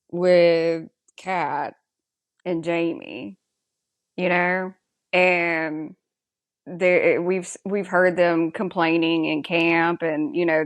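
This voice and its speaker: Woman, podcast co-host, slow deliberate pace, casual opinionated chat, keeps asking her partner's take. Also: fairly low pitch. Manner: chatty and opinionated, asking her co-host's views. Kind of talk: casual chat recapping a TV episode.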